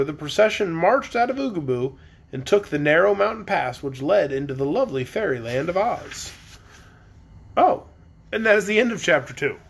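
A man's voice: high voice, vocal fry, a bit bright. A man reading a children's chapter book aloud on a live stream, with casual, chatty asides between chapters.

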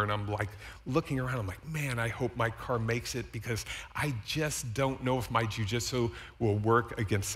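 Bright-voiced pastor telling a story. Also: male voice, mid-range voice. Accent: Midwestern American. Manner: conversational, animated storytelling with asides. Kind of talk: sermon storytelling. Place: church sanctuary.

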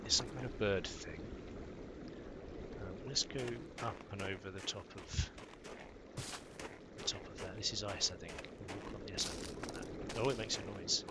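A man giving relaxed commentary while playing a survival game, wondering aloud and breaking into excited outbursts. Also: sits low, moderate pace, pauses often, very noisy. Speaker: gaming YouTuber. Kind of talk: Minecraft let's play commentary.

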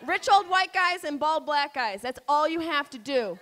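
A woman's voice: sits high, animated, normal speed, fairly bright tone. A woman doing a brash, profane stand-up set, bantering with the crowd from a comedy club stage.

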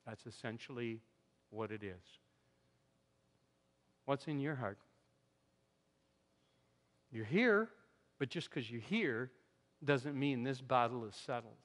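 A man preaching a sermon in a church, animated and conversational, his voice swinging from loud emphasis to quiet asides. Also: mid-range voice, slow pace, long pauses. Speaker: pastor. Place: church sanctuary. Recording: long hall reverb.

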